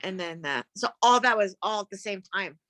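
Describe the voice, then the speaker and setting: A woman guest in casual chat whose speech has changed after a stroke, talking slowly with restarts and searches for words. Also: mid-range voice, lively intonation, fairly bright tone, no room sound.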